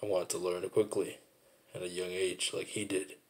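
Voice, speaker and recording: Man, very low voice, gravelly, rambling and repetitive, reflective personal monologue. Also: little pitch movement, normal speed, darkish tone.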